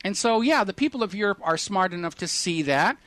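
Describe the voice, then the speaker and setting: High-voiced, sarcastic talk radio host. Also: male voice, animated, a little fast, fairly bright tone, no echo. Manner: indignant, sarcastic, emphatic. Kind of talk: political talk radio commentary.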